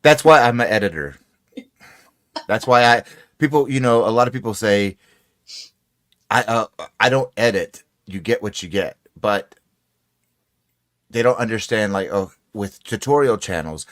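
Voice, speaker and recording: Easygoing guest, a man from Texas with a lowish voice, laughs readily. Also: lively intonation. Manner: easygoing, laughs often, explains things slowly. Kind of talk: casual chat.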